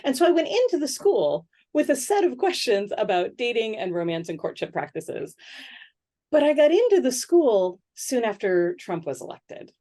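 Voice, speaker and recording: A middle-aged woman sociologist answering interview questions in a thoughtful, conversational way, often pausing with "um" and checking in with "right?". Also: a little high. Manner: thoughtful, many "um"s and "right?" tags, animated when quoting others.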